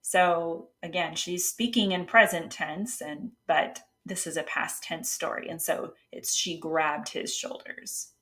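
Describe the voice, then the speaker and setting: Woman with a somewhat low voice teaching writing. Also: a little slow, hardly any pauses, a bit bright. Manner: explains patiently, with some fillers and restarts; reads example passages aloud. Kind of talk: casual instructional talk.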